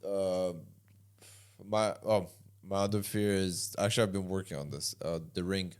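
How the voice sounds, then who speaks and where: A young man co-hosting a podcast, talking in a laid-back, drawn-out way in casual chat. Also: low voice, steady tone, a little mellow, smooth. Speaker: podcast co-host.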